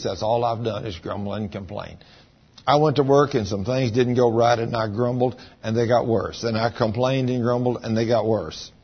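A man preaching a sermon as a pastor, his voice swinging between loud, high bursts and low, quiet stretches. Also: husky, highs cut off. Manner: preaching with big swings in pitch and volume.

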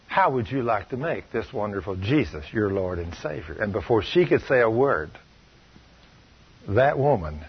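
Man, preacher, husky voice, stern emphatic storytelling, muffled radio sound. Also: medium pitch. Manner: stern, emphatic storytelling, shifting loud and soft. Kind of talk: sermon with personal stories.

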